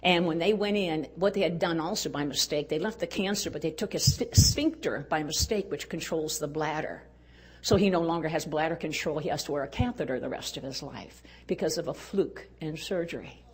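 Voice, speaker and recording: An older woman speaking at a women's conference, telling a personal story in an earnest way and dropping to a hush at tender moments. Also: low voice, fairly quick, breathy edge. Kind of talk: storytelling talk.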